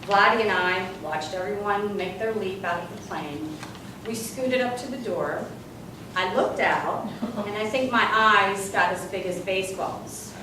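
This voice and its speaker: A woman giving a humorous storytelling speech as a guest speaker, with animated comic timing. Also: mid-range voice, a little slow, background noise. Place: large hall with live audience. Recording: echoey hall from far off. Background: room ambience and audience laughter.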